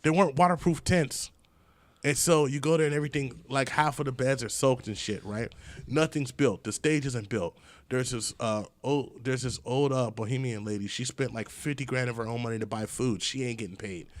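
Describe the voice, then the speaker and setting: Hosting a laid-back podcast, this man talks at a moderate pace in a mid-range voice, with no echo in the recording. His stories come full of swearing and quotes he performs with animation.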